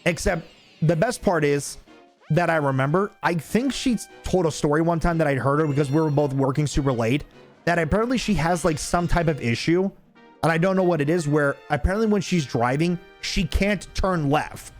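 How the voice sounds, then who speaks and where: A man's voice: a little high, moderate pace, soft background music. Profane young man rambling on stream. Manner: profane, rambling, laughs at own story. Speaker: game streamer. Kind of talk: casual storytelling chat while gaming.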